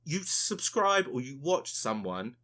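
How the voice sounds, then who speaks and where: A man's voice: mid-range voice, sing-song, unhurried, pushed and bright. A man co-hosting a casual podcast, ranting with lots of swearing and mocking quotes of other people. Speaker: podcast co-host.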